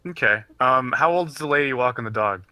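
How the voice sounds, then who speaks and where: A man's voice: mid-range voice, animated, fairly quick, sharp tone, smooth, dry recording. A young man playing a character in a casual tabletop role-play, playful and giggly. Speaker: player.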